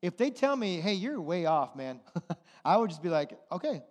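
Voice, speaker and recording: A man preaching a sermon as pastor, telling a personal story in an animated way and acting out the voices of the people in it. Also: high voice, normal speed. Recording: long reverb of a large hall.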